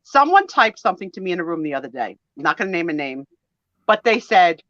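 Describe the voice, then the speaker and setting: A woman in her sixties talks in a bright, forward voice, her pitch leaping up and down as she tells her stories. She acts out the other people in them. The sound is dry and a little dull, as from a home stream. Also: fast, dry recording. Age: 60s. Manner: animated storyteller, acts out quoted voices. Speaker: co-host of a live sale and chat stream. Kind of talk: casual chat.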